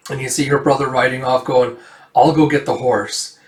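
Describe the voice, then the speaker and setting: A man casually recapping a comic book, voicing the characters' lines himself and jumping into loud shouts for the dramatic ones. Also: mid-range voice, little pitch movement, a little fast. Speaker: manga reader recapping a comic. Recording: echoey room, far from the mic.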